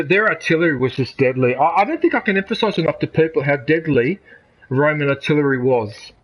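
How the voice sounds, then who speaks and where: A middle-aged man with an Australian accent talks in a fairly high voice, rambling from one opinion to the next. He is a gaming streamer chatting casually over gameplay. He swears freely as he goes. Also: poor audio.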